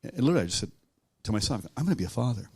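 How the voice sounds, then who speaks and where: A man being interviewed about his own life, talking in a halting, reflective way with many restarts. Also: mid-range voice, sing-song, vocal fry, warm tone, husky, no room sound. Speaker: guest author. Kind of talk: conversational storytelling.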